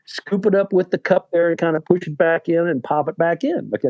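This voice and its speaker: Sixties male interview guest, relaxed mellow tone, loose chatty anecdote delivery. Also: a little high, brisk, muffled recording. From West Virginia, USA. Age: 60s. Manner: rambling, full of "like" and "you know" fillers, laughing at his own story. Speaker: guest author. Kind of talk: casual storytelling interview.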